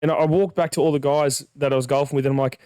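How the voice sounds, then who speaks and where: A man's voice: fairly high pitch, steady tone, very fast, mellow, clear, resonant tone, dry recording, studio quality. A young man, a podcast co-host, telling a long story in casual chat, acting out the dialogue and swearing freely.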